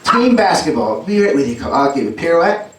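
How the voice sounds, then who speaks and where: New York man running a lively dog show. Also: a little high, fast. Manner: chatty, cueing dogs and explaining tricks to the audience. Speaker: dog trick performer. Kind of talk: live stage show with commentary. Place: indoor venue with an audience. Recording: roomy live hall audio from far off with loud noise.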